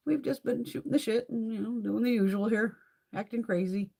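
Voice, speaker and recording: A woman's voice: on the high side, brisk, vocal fry, husky. A middle-aged woman chatting casually and profanely on a beauty live stream, laughing often and telling stories with lots of swearing. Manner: profane, laughing, animated storytelling.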